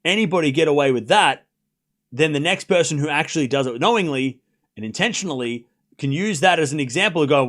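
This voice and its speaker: Brief: high-voiced male streamer, excitable play-by-play, laughs a lot. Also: fast talker. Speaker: streamer host. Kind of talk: live watchalong commentary.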